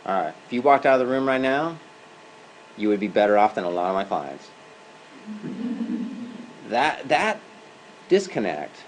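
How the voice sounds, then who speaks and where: A man's voice: lowish voice, a little hiss or hum, rough recording. A man giving a university lecture in a classroom as an adjunct professor. He talks conversationally and keeps checking in with "right?" and "okay?".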